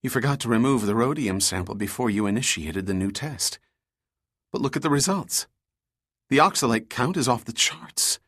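A man's voice: mid-range voice, animated, moderate pace, fairly bright tone, no echo. Bob: male narrator doing a dry, cautious male scientist, mid voice, no room sound. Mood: astonished. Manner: dry, skeptical, urging caution.

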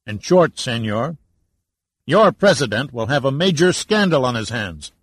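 A man's voice: medium pitch, big pitch swings, unhurried, breathy edge, no room sound, voice pushed up. A man voicing a commanding navy admiral in an audiobook, speaking firmly and formally. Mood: stern. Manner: firm and formal, pressing.

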